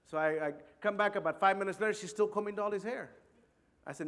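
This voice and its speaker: A middle-aged man telling a personal story to an audience in an earnest, halting way, often repeating words. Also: high-pitched, a bit bright. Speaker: speaker. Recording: long hall reverb.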